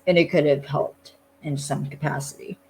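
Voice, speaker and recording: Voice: medium pitch, steady tone, moderate pace, darkish tone, a little hiss or hum, poor audio. A podcast co-host in casual chat, retelling things loosely with many "like" fillers.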